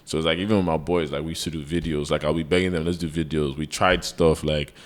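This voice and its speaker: A young man, co-hosting a podcast and telling rambling, animated stories full of "like". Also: very deep voice, fast talker. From Nigeria. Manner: rambling, animated, heavy use of "like". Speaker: podcast co-host. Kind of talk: casual storytelling chat.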